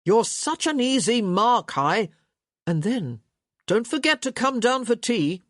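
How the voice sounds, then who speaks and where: A woman's voice: on the high side, big pitch swings, measured pace, no echo, studio quality, voice pushed up. A woman voicing a flippant young man teasing his sister in an audiobook. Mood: gleeful. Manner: teasing and flip.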